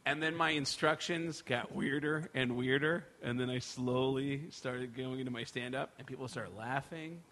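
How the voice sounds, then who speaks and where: A male stand-up comedian telling stories in a casual chat, animated, swearing a lot and acting out the people in them. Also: medium pitch, normal speed, hardly any pauses.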